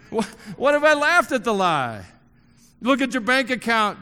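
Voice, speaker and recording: Male pastor, high voice, very animated pitch; humorous, conversational, hammers home repeated lines; long church reverb. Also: a little slow, long pauses, clear, resonant tone. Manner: joking and conversational with the congregation; emphatic, repeating key phrases. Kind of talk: sermon. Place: church hall before a congregation.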